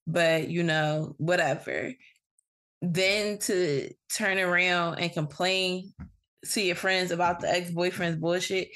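A woman's voice: on the low side, fairly bright tone. Blunt, swearing woman podcast host. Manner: blunt, frank, swears freely. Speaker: podcast host giving advice. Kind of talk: casual advice monologue.

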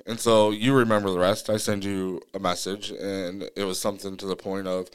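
Man, low smooth voice, earnest casual storytelling, podcast co-host. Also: normal speed, few pauses. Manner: animated retelling, acting out his own pleas in a higher voice; earnest, many restarts and fillers.

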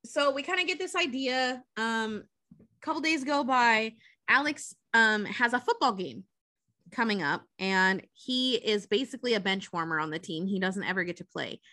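A young woman with a slightly high, bright and sharp voice recaps a movie for a casual podcast. She swears freely and slips into quick acted-out voices for the characters. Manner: profane, animated storytelling with acted quotes. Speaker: podcast co-host.

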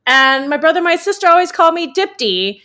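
Woman in her 40s, podcast cohost, high voice swinging up and down, animated and laughing at herself. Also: fairly quick. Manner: animated, laughing, self-mocking storyteller. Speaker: podcast co-host. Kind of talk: casual chat.

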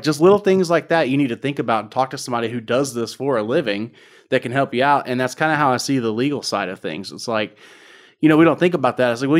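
Relaxed man hosting a podcast. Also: medium pitch. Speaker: podcast host, branding agency owner. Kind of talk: casual podcast chat.

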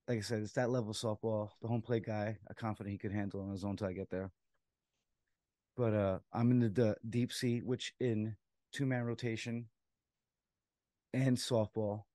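A man, a softball umpire and co-host, telling a story in casual chat, laughing as he acts out what people said. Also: on the low side, no echo, studio quality. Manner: animated storyteller, laughs while acting out quotes.

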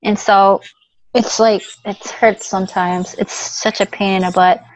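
A woman's voice: mid-range voice, level tone, unhurried, poor audio. Chatty young woman, laughing guest. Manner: chatty, rambling, laughs often. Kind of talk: casual chat.

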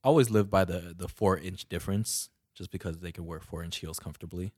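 A man's voice: low-pitched, fairly even intonation, fairly quick, a little mellow, no echo, studio quality. A young man co-hosting a podcast in casual chat, giving blunt opinions and laughing between remarks. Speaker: podcast co-host.

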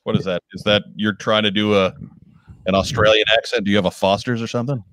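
A man's voice: fairly low pitch, fairly even intonation, fast talker, a bit bright, no room sound. A man hosting a casual live video chat show, joking and often restarting his sentences. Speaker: host.

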